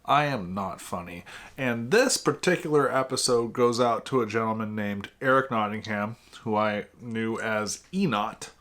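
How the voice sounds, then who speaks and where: Deadpan man telling jokes. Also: fairly low pitch, unhurried. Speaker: podcast host telling jokes. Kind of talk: casual joke telling.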